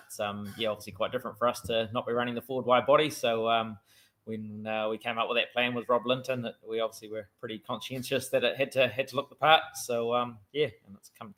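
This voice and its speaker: A middle-aged man is interviewed as a guest driver. His voice sits at a normal middle pitch. He answers modestly, hesitating often and filling gaps with ums. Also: fast, fairly bright tone. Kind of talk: casual interview.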